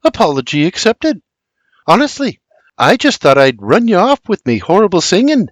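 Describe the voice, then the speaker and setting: A man voices a sweet young woman, pitched up, soft and breathy. She speaks bashfully, with a lively lilt and no room echo, in a storybook audiobook. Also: normal speed. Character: shy, sweet young colonial woman who loves singing.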